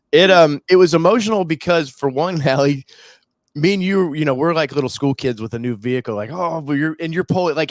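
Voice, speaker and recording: A man hosting a live talk show, chatting casually in a rambling, excitable way with frequent restarts. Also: medium pitch, no room sound. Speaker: show host. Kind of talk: casual chat.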